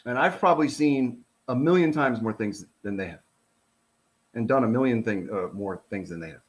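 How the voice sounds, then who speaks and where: A retired police officer, middle-aged and American, works through a report with casual remarks that turn blunt, profane, animated and heated. His voice is medium-pitched, at a normal speed.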